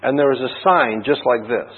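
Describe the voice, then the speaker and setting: Man, preacher, husky voice, conversational sermon, rhetorical questions, tinny phone-like sound. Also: mid-range voice, normal speed. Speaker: pastor.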